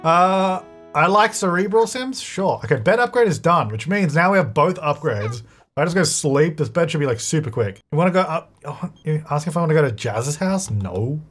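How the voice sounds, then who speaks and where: Lively-voiced man narrating his gameplay. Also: fairly high pitch, soft background music. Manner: chatty, thinks aloud, self-correcting; excitable bursts, quick laughs. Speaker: gaming channel host. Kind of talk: let's-play gameplay commentary.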